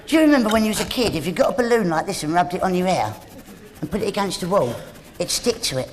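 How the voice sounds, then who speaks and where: A man in his thirties with a squeaky, high voice, doing cheeky, quick-fire stand-up comedy. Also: animated. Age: 30s. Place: theatre stage. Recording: live stage show with crowd and music. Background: audience laughter and music.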